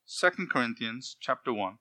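A male preacher delivers an expository sermon in a bright, forceful voice. He reads scripture aloud and then explains it. He slows down to press home key words. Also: medium pitch, lively intonation.

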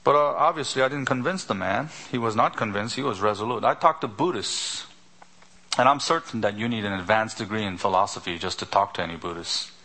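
A man's voice: on the low side, fairly quick, sharp tone. A man preaching a sermon as a pastor, pressing his listeners with rhetorical questions one after another. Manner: rhetorical repeated questions, emphatic.

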